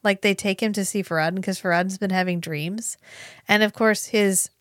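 Podcast host, woman, animated and profane, dry close recording. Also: medium pitch, no room sound. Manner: animated, swearing, quick asides. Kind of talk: casual book discussion.

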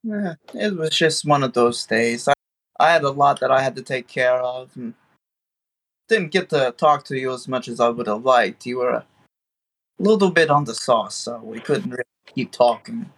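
A man playing a charming, calm German suitor. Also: mid-range voice, moderate pace. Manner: calm, gently flirtatious.

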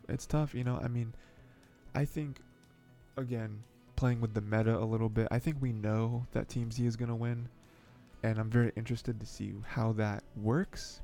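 A man chatting casually through an anime recap, his voice gravelly with a warm, mellow tone. He rambles, chuckles often and leans on fillers, with faint music underneath. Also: mid-range voice. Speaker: anime podcast host. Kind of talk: casual episode recap and commentary.

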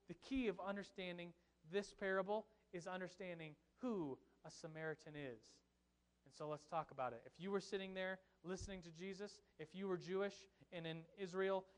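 A young man preaching a sermon as pastor, telling a Bible story in an animated, joking way with asides to his congregation. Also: high-pitched.

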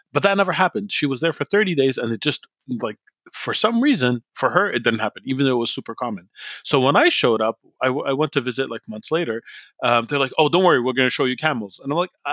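A podcast co-host from an Iraqi family who grew up abroad tells a story in casual chat, animatedly acting out the voices of the people in it. His voice is medium-pitched, and the recording is dry.

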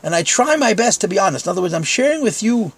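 A man's voice: high-pitched, sing-song, quick pace, husky. A man teaching a text-study lecture in Yeshivish English, conversational, with frank self-deprecating asides.

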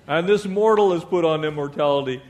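A male pastor preaching a lively sermon, asking the congregation for amens and mixing in jokes. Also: on the high side, a little fast.

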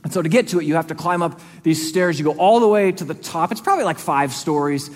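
A man's voice: fairly high pitch, quick pace, long reverb tail. A man, a pastor, preaching a sermon in a conversational way, acting out quoted voices as he goes. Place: church sanctuary.

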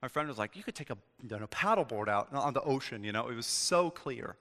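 A man's voice: mid-range voice, fairly quick. A man giving an informal sermon to a group, casual and chatty, telling stories and acting out little exchanges. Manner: casual, chatty, animated storytelling. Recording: long hall reverb.

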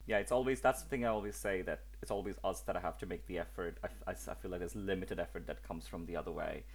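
A man with a very low voice talks as a podcast guest. His delivery is animated, with exasperated asides. He chats casually and at length. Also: quick pace.

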